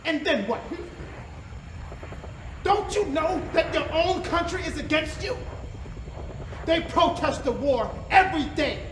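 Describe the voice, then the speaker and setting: A man's voice: extremely high pitch, a bit bright, echoey room, slight background noise, exaggerated voice, poor audio. An actor playing a defiant, educated prisoner of war who argues back and accuses his captor. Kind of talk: indie film drama.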